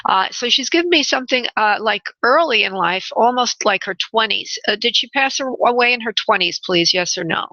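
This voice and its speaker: Woman radio medium, halting and filler-heavy, affectionate "honey" to callers; gravelly voice, dull lo-fi sound. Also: mid-range voice, expressive, pushed and bright, no room sound. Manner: halting, many fillers, relays spirit messages, calls callers honey. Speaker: spirit medium and radio show host. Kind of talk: call-in psychic reading on radio.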